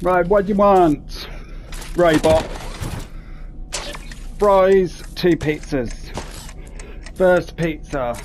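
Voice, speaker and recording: Male gamer, casual self-talk commentary, slow and a bit high, audible background noise. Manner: sweary, talks to himself while playing. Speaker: gaming commentator.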